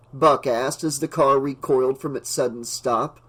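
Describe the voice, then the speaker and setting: A man reading an audiobook, narrating the story in a steady, even way. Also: mid-range voice, moderate pace, few pauses, slightly rough.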